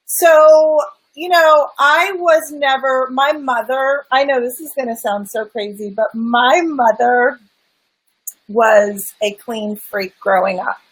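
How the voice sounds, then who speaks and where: A woman's voice: high voice, slow, husky, poor audio. A woman guest, a spiritual life coach, candidly telling her personal story in an earnest, emphatic way. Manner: earnest, emphatic, sometimes swears.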